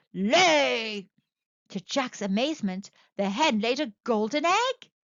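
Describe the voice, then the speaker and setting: Animated woman reading a children's story. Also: on the high side, dry recording, lo-fi sound. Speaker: storyteller, channel host. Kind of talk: children's read-aloud narration.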